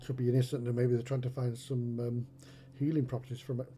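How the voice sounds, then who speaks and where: A man talks through his theories during a tabletop game. His voice is deeply mellow and stays flat in pitch. Faint music sits behind him. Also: quick pace. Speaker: player. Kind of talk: casual game chat.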